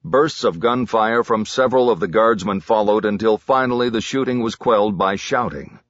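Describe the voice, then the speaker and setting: A man reading a crime novel aloud as an audiobook narrator, measured and dramatic. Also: fairly low pitch, no echo, dull audio.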